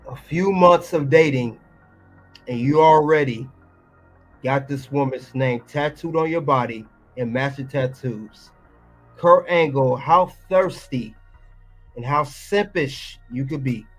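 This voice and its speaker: A man's voice: medium pitch, slow pace, long pauses, faint music behind. A man hosting a reaction video, ranting and scolding as he comments on an interview clip.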